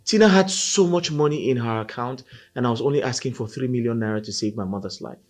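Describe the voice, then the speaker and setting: A man's voice: mid-range voice, quick pace, faint music behind, close to an everyday voice. An actor with a Nigerian accent playing a grieving man who was betrayed by his wife, in a film drama. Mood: bitter.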